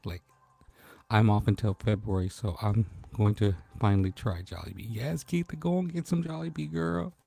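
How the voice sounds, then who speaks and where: A man hosts a casual late-night livestream from home and chats easily with his viewers, calling out their names. His voice sits a little low and sounds mellow and relaxed. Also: moderate pace, vocal fry. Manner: laid-back, chatty, greets viewers by name. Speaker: livestream host.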